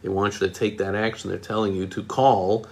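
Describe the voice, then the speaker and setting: A man's voice: lowish voice, little pitch movement, fairly quick, a little mellow. A man, a marketing consultant, critiquing advertising copy in a casual explainer, punching key words with emphasis and mocking asides.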